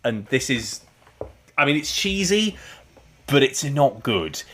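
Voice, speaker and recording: A man co-hosting a podcast talks slowly in a medium-pitched voice with big pitch swings and a bright, forceful tone, over a slight hiss or hum. He rambles casually about a TV serial, laughing and saying "like" frequently.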